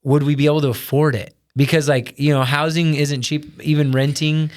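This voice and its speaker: Earnest man, smooth clear voice. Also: on the high side, flat delivery, moderate pace. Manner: earnest, retelling with quoted self-talk. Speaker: podcast co-host. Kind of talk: casual storytelling chat.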